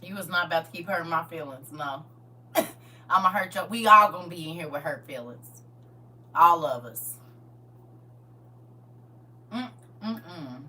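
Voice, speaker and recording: A middle-aged woman hosting a livestream, telling family stories in a lively, laughing, colloquial way. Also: on the low side, unhurried, long pauses. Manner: animated, laughing, colloquial storyteller who talks straight to viewers. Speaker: livestream host. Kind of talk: casual storytelling chat. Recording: distant mic with faint hum.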